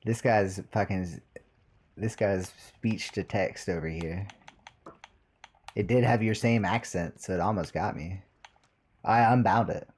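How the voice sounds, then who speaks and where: A man's voice: low-pitched, a little slow, pauses often, darkish tone, breathy edge. A young man chatting casually on a live stream, swearing now and then as he sets up his audio.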